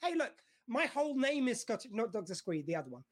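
A man's voice: very high voice, very animated, quick pace. Jokey, rambling male podcast host. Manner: jokey, rambling, laughs while talking. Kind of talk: casual chat.

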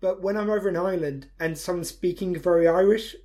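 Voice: mid-range voice, fast talker, mellow. Podcast host, mid-range voice, earnest enthusiast, casual chatter.

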